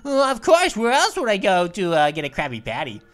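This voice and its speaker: A woman's voice: mid-range voice, wildly swooping pitch, a little fast. A woman voicing a goofy, hyper cartoon gaming host who stammers and giggles through comedic let's play commentary.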